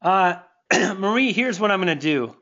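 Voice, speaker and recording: Effusive high-voiced man on a dull stream. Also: animated, normal speed, bright, forceful tone. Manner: effusive and thankful, stumbling restarts. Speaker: online marketing coach. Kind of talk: live webinar Q&A, reading viewer comments.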